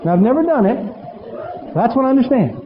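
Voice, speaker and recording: A middle-aged man preaching a storytelling sermon as pastor, animated and humorous, acting out bits of dialogue. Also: very high-pitched, moderate pace, some chatter behind. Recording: reverberant hall, muffled with faint noise.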